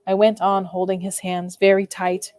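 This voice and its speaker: A woman reads a classic novel aloud in a measured, expressive storytelling voice. Her pitch sits in the middle range, and the recording is dry and close with no room sound. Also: no echo. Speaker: reader. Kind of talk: dramatic reading of a classic novel.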